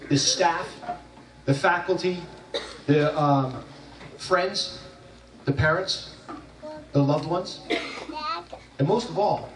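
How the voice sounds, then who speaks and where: A man's voice: on the high side, slow, pauses often, slight background noise. A man giving a graduation speech, telling a funny story in a loose, jokey way with frequent restarts. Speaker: graduation speaker. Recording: echoey hall from far off.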